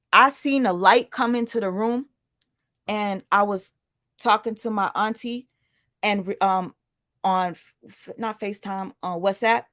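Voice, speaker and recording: A woman chats loosely to her stream audience, wandering from one aside to the next. Her voice sits at a middle pitch. The sound is close and dry, with no room echo. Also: fairly bright tone. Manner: chatty, addresses viewers directly, rambling asides. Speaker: livestream commentator. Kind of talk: casual livestream chat.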